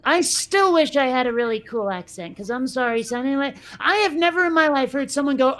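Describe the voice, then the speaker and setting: A woman with a high voice chats casually. She is playful and a little bratty, and she rambles with plenty of filler words. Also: animated, fairly quick, a bit bright. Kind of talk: casual chat.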